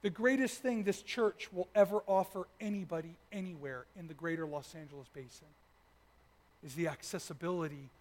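A man preaching a sermon with a personal story, animated and swinging from loud bursts to hushed words. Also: a little high, fairly quick. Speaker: pastor.

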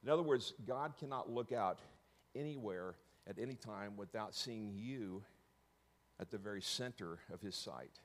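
Middle-aged man, lowish voice, storytelling speaker; restarts often, jokes on the side. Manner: halting, self-correcting, with joking asides. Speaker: speaker telling his story to an audience. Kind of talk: personal storytelling talk.

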